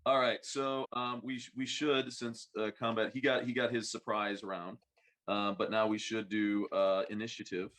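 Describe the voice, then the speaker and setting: A man's voice: lowish voice, little pitch movement, normal speed, a bit bright. A man running a tabletop game as game master, laid-back and full of fillers and laughs.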